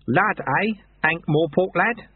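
A cheerful, amiable little old monk sweeper, as a man puts him on in a storybook reading. His voice sits high and bounces around a lot, unhurried and gently teasing. The sound is thin and tinny, like a phone line. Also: lively intonation, husky, no echo, heavily acted.

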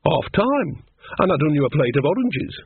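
A man's voice: a little high, very animated, moderate pace, creaky, breathy edge, no echo, heavily acted. A man voicing a fussing, earthy old witch woman in a raised, chiding voice, on a tinny recording. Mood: fretful. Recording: tinny phone-like sound.

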